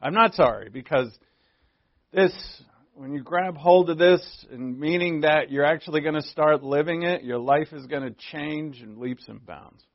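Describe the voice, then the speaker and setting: A man's voice: fairly high pitch, normal speed, no echo, muffled recording. A man preaching a sermon as pastor, in a conversational style that often asks the listeners questions.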